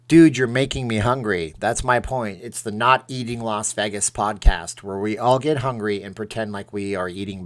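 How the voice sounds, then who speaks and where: A man's voice: fairly low pitch, a bit bright. A man hosting a casual live stream from home, reading viewer comments aloud and answering them in a chatty, self-deprecating way.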